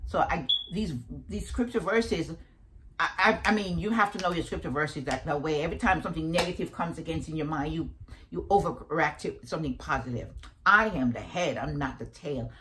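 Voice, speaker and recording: A woman in her fifties with a deep voice, giving a preachy, animated motivational talk grounded in faith and repeating affirmations. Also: fairly quick, noisy background. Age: 50s. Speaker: motivational vlogger.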